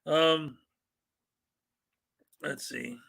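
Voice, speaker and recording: Male streamer, high and bright, jokey casual delivery, faint guitar bed. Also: fairly even intonation, very slow, gravelly, slightly rough. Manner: joking, laughs often, reads mock legal paperwork aloud. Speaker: live stream host. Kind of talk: casual live stream chat.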